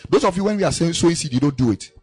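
A husky-voiced man preaches a sermon at a church camp. His pitch sits a little high and leaps around as he tells his stories. Faint music plays underneath. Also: racing. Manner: animated storytelling preacher, acting out quoted voices. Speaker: pastor.

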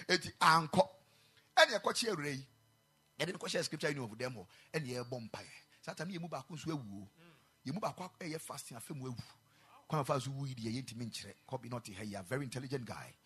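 A man with a Ghanaian accent preaching a sermon in a chapel, mixing English and Twi, building to loud emphatic peaks. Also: medium pitch, animated, fairly quick, breathy edge. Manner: switches between English and Twi, rising to shouted emphasis.

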